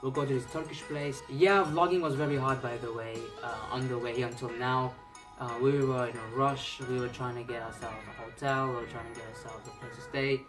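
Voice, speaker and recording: A man chatting casually for his travel vlog, laid-back and quick to joke. His voice sits at an ordinary middle pitch. Pop music plays clearly in the background of the restaurant. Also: far from the mic. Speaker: vlogger. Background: pop music playing.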